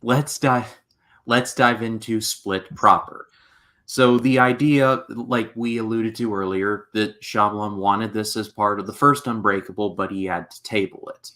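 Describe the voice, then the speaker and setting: A young man hosting a casual movie podcast, relaxed and steering the talk with a few fillers. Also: lowish voice, a little slow. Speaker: podcast host.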